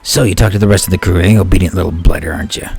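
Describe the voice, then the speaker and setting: Low voiced monster ship captain guy doing it being all smug and threatening to the prisoners. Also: fairly even intonation, rapid-fire, gravelly, darkish tone, slight background noise. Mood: taunting. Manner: taunting, mock-cheerful threats. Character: gloating monster ship captain, menacing male jailer. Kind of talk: reading game dialogue aloud.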